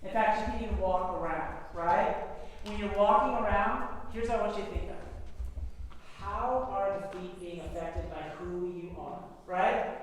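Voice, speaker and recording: A man's voice: sits high, normal speed, a little hiss or hum. A man directing a theater rehearsal, guiding actors through breathing and character exercises and often checking in with "right?". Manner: instructive, keeps asking "right?". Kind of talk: rehearsal coaching. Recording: echoey hall, voice from far off.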